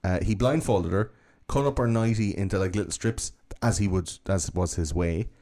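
Man, low voice, swearing and joking, casual true-crime podcast host. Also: normal speed. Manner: profane, animated, joking.

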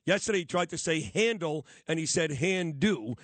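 Chatty New talk host. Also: male voice, fairly high pitch, fairly quick, fairly bright tone, dry recording. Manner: chatty, emphatic, talks about his own life. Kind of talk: casual interview chat.

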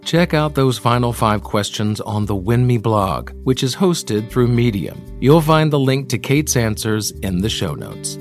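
A man's voice: mid-range voice, big pitch swings, a little slow, hardly any pauses, over music. A man hosting a podcast, leading a conversational interview with friendly questions. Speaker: podcast host.

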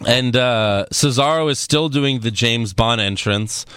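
A man hosting a casual chat, recapping events in an animated, rambling way and swearing freely. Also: mid-range voice, measured pace, clear, resonant tone, no room sound. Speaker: podcast host recapping wrestling.

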